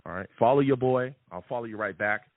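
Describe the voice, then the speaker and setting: A man hosting a live sports fan show, chatty and animated, who keeps checking in with his listeners. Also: mid-range voice, a little fast, no echo. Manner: animated and chatty, repeats "okay?" and "all right?" often. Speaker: sports podcast host. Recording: tinny phone-like sound.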